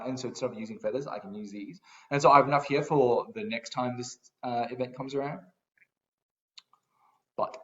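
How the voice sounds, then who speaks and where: A man's voice: mid-range voice, fairly bright tone, muffled recording. A man giving casual commentary on a mobile game, ranting and swearing in exasperation as he talks. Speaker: gaming YouTuber.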